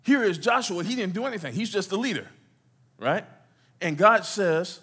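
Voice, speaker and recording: A man's voice: sits high, animated, normal speed, a bit bright, breathy edge. A middle-aged man preaching a sermon as a pastor in a church, asking the congregation questions and waiting for their answers. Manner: call-and-response preaching, asks the congregation questions. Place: church sanctuary.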